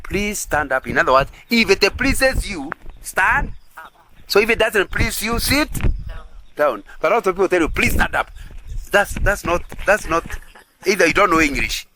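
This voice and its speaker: A man's voice: high-pitched, animated, normal speed, background noise. A man preaching at a couples' retreat, earnest and repetitive, often asking the audience if they agree. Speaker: pastor.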